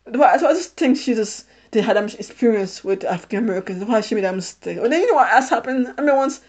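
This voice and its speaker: A woman in her thirties with a fairly high voice, chatting on her podcast. She keeps laughing as she talks and often goes back over her own phrases to restart them. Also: expressive, fast, darkish tone. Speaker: podcast host. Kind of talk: casual personal storytelling.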